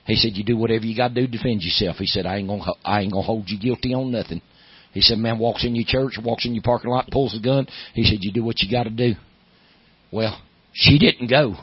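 A middle-aged man with a Southern accent, a pastor preaching a sermon, moving from low storytelling to loud, emphatic preaching. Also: quick pace, husky, dry recording, dull audio.

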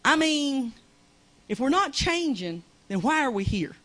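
A woman's voice: high voice, big pitch swings, measured pace, a bit bright. A woman preaching a fervent, conversational sermon in a small church.

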